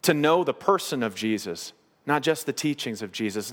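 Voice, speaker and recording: Guy preaching a sermon, earnest, slows down to stress stuff, echoey church hall sound. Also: mid-range voice, animated. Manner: earnest preaching, slowing down for emphasis. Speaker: pastor.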